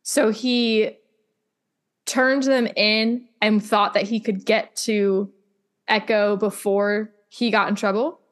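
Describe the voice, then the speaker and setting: A woman's voice: mid-range voice, steady tone, slow. A young woman co-hosting a casual podcast, talking with lots of fillers and getting openly emotional. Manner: chatty, filler-heavy, emotional. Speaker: podcast co-host. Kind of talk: casual chat.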